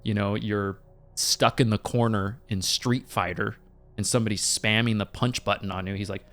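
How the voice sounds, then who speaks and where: A man in his thirties hosting a casual movie review, talking in an animated, rambling way with laughing asides. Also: fairly low pitch, normal speed, faint music behind.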